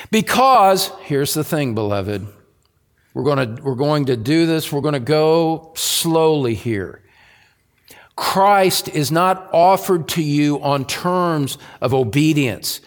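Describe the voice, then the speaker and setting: A male pastor delivers a sermon at an unhurried, measured pace, repeating his key phrases for weight. His voice sits a little high. The sound carries the long reverb of a church hall. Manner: slow, deliberate preaching with emphatic repetition.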